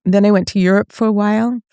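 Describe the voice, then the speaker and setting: A woman in her seventies from Northern California, a voice teacher and podcast guest, telling her story in a relaxed, reflective way with frequent laughs. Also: medium pitch, brisk, clear, resonant tone, dry recording, clean studio sound. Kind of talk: casual conversational storytelling.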